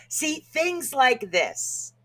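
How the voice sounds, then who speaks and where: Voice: high voice, fairly bright tone. A podcast co-host giving a casual self-help talk, joking and laughing at their own stumbles over hard words.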